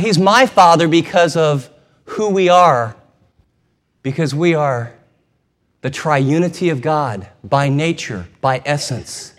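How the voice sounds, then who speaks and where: An animated male preacher with a fairly high voice who tells the story vividly and acts out each scene. His sermon rings out in a large hall with a long reverb tail. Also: takes it slowly. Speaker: pastor.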